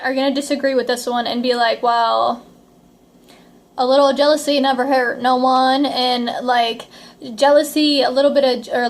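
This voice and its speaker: A young woman giving frank relationship advice to camera in a chatty, casual way, with lots of "like" and "okay?". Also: high-pitched. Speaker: advice vlogger.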